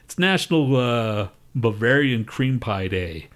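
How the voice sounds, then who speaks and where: A man co-hosting a podcast, talking in loud, profane, ranting casual banter. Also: mid-range voice, lively intonation, a little slow. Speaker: podcast co-host.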